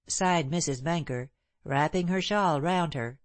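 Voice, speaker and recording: A woman narrating an audiobook in a measured, even reading. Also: low-pitched, dry recording. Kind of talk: scripted narration.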